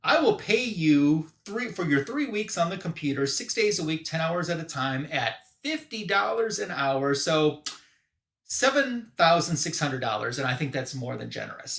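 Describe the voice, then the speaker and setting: A man voicing a smug, ruthless businessman villain, speaking slowly and condescendingly. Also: fairly high pitch, lively intonation, gravelly, a bit bright, echoey room. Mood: gloating.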